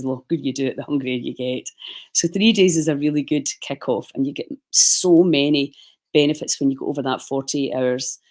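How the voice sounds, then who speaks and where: A middle-aged woman giving casual, rambling livestream advice as a fasting and wellness coach, often correcting herself mid-sentence. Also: very deep voice, dark tone. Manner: chatty, rambling, self-correcting.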